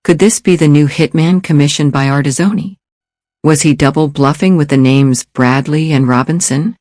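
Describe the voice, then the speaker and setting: A man reading a thriller audiobook in a steady, measured storytelling manner. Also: fairly high pitch, dry recording, clean studio sound. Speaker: audiobook narrator. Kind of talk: scripted thriller narration.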